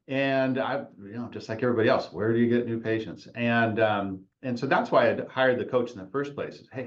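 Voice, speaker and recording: A man's voice: medium pitch, muffled recording. A man in his forties, a podcast host, telling his own career story in a rambling casual way, often restarting and laughing at himself.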